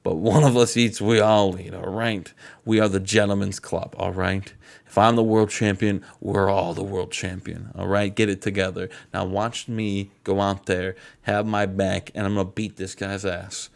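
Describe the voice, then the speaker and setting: A man putting on a tough pro wrestler impression, giving his team a gruff, commanding pep talk. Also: sits low, little pitch movement, normal speed, voice pushed down. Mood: rallying. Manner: gruff pep talk, repeated "all right?".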